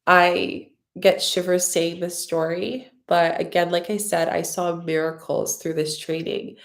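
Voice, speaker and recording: A woman's voice: fairly low pitch, flat delivery, unhurried, creaky. A woman hosting a live stream, answering viewer comments in a loose, rambling way, effusive and openly emotional with lots of gratitude. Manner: loose, rambling with many fillers. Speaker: spiritual mentor and channel host.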